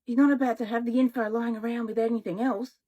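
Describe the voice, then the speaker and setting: An urgent teenage ringleader giving hushed orders to his friends, quick and tense, as a woman reader puts him on. His voice is lifted a touch above the reader's own in this storybook reading. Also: fairly high pitch, fairly even intonation, lightly acted.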